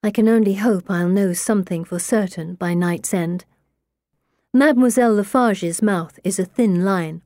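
A woman narrating a story in the first person, in a measured way. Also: medium pitch, dark tone, no echo. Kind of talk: audiobook narration.

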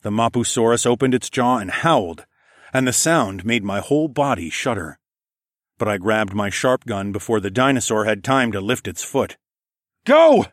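A man's voice: on the low side, moderate pace, fairly bright tone, dry recording, studio quality. A man narrating a first-person story in a gritty, profane storytelling manner. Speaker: audiobook narrator.

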